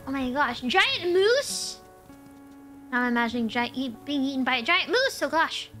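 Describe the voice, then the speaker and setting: A woman's voice: sits high, sing-song, moderate pace, a bit bright, faint music behind. A woman streamer chatting animatedly while playing a game, telling stories as she goes. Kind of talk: casual gameplay chat.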